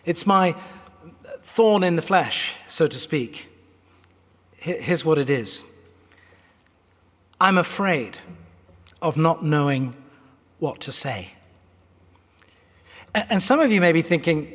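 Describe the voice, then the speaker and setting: A British man in his fifties delivers a sermon from the pulpit in a fairly high, very animated voice. He is articulate and earnest, slipping in wry asides. His words echo through a large church hall. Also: measured pace, long pauses. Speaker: pastor.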